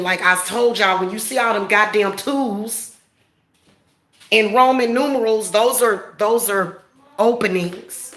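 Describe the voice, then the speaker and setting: A woman's voice: a little high, fairly bright tone, echoey room. Blunt, profane woman ranting at home. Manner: blunt, profane, laughing, talks straight to viewers. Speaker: spiritual practitioner vlogger. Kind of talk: casual ranting vlog.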